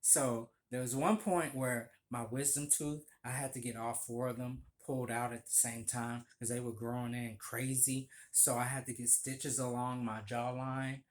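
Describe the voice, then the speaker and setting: A man telling stories of his old barista job in a casual, animated vlog, acting out the voices of people he quotes. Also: mid-range voice, moderate pace, few pauses. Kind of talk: casual storytelling.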